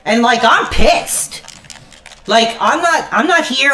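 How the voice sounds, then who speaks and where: A woman's voice: a little high, sing-song, measured pace, pushed and bright. Furious stammering woman streamer ranting. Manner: furious, profane, stammering rant; repeats "frickin'" constantly. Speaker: live streamer. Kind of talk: angry live-stream rant while gaming.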